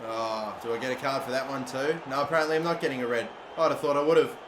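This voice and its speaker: A young man commentating his own football video game, swearing constantly and bursting into loud, frustrated outbursts. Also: medium pitch, fairly even intonation, fast. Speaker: gaming YouTuber. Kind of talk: live gameplay commentary. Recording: echoey room, faint background noise.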